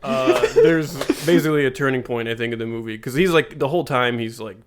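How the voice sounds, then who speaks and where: A man's voice: mid-range voice, fairly quick. A man co-hosting a podcast in casual chat, laid-back, explaining plot details and swearing now and then. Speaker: podcast co-host.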